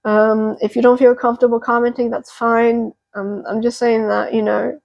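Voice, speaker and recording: Gravelly-voiced woman, gentle tarot reader. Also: fairly high pitch, level tone, moderate pace, highs cut off. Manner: gentle, reassuring, therapeutic, with frequent fillers. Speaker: tarot reader and channel host. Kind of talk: pick-a-card tarot reading to camera.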